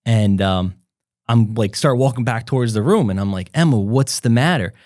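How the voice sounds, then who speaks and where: This young man co-hosts a podcast and spins out a lengthy, casual tale, leaning hard on "like" and fillers while performing the quoted lines. He sounds animated at a normal speed, with a mid-range, darkish voice. It's studio-quality audio without any room sound.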